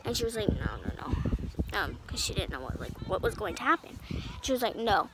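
A woman's voice: mid-range voice, big pitch swings, fast talker, very noisy. A teenage girl telling storytimes in a casual, rambling way, full of "like" fillers. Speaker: vlogger.

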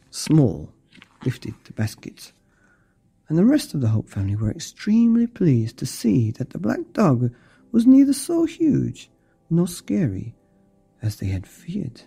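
A man reading a picture book aloud as a bedtime story, slow and expressive. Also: mid-range voice, gravelly, slightly rough, faint music behind. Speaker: storybook reader.

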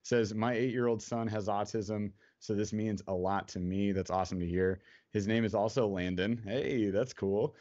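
A man hosting a casual fishing livestream, talking in a rambling way full of fillers and quick laughs. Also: lowish voice, fairly even intonation, a little mellow. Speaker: podcast host. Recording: dull lo-fi stream audio.

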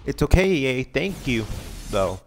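A man casually commenting on a video game pack opening, excitable and begging the game for good pulls. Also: mid-range voice, moderate pace, slight background noise. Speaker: gaming channel host.

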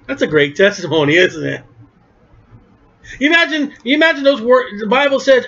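A man's voice: very high voice, animated, fairly quick, fairly bright tone. A man preaching a conversational Bible-study sermon, emphatic, often repeating words. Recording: dull lo-fi recording.

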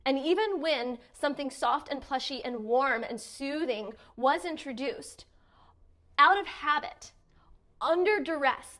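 A middle-aged woman speaks straight to her viewers with a slightly high voice. She talks earnestly, leaning hard on key words, then dropping almost to a murmur. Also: slow. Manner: earnest, dramatic emphasis, varies loudness widely. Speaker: self-help speaker. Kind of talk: direct-to-camera motivational talk.

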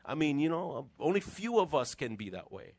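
A middle-aged man, preaching a conversational sermon as a pastor with animated, joking asides to his congregation. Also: fairly high pitch, moderate pace, dry recording. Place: church sanctuary.

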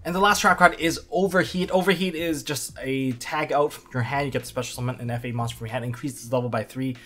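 A man's voice: medium pitch, steady tone, fast, sharp tone, soft background music. Casual male card game reviewer. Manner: chatty, offhand, thinking aloud with fillers and asides. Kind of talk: casual commentary.

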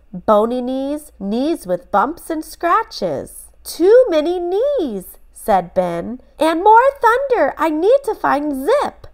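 Slow, gentle woman reading a storybook. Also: mid-range voice. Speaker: children's book reader. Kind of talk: children's storybook read-aloud.

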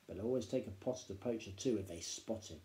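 A man voicing a mischievous, lively father who tells stories in an animated, conspiratorial way, reading a storybook aloud. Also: lowish voice, fast talker, echoey room, lightly acted. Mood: matter-of-fact.

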